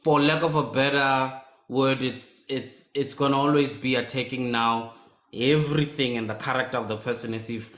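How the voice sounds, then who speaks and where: A male host speaks slowly and thoughtfully, pausing to find his words. His voice sits at a middle pitch for a man, and the room around him is roomy and echoey. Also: steady tone, fairly bright tone. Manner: thoughtful, hesitant, many fillers. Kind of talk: live stream discussion. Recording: roomy echo.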